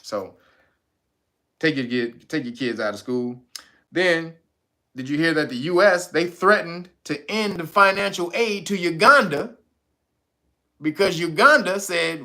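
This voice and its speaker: A man with a high, bright voice riffing in a loose, slangy rant. He swears freely and keeps laughing at his own points. The delivery is casual, commentary to the camera. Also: a little slow, long pauses. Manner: profane, laughs often, slangy. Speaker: commentary vlogger.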